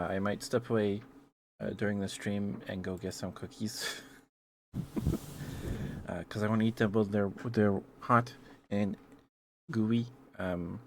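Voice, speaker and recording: A young man, an ASMR streamer, rambling softly to his chat with frequent ums and small kisses. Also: fairly low pitch, noisy background. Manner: rambling, greets chat viewers with kisses, hesitant fillers.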